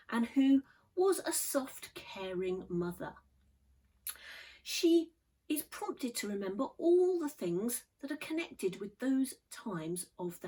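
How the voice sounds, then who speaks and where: A woman teacher giving a measured, thoughtful poetry lesson. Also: mid-range voice, husky, poor audio. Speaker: English literature teacher.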